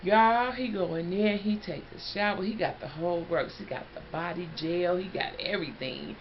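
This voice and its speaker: A woman telling a story in a casual, animated way, talking straight to her viewers. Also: on the low side, moderate pace. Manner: animated, chatty, addresses listeners as y'all. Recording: dull lo-fi, faint background noise.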